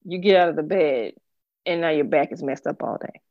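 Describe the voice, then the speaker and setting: A woman's voice: low voice, brisk, dry recording. Woman, co-host, casual teasing chat, slightly muffled dry podcast recording. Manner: playful, teasing, churchy phrases.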